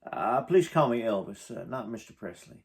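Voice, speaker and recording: A man reading the lines of a kind, humble famous male singer, soft-spoken and hesitant. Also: mid-range voice, animated, normal speed, vocal fry.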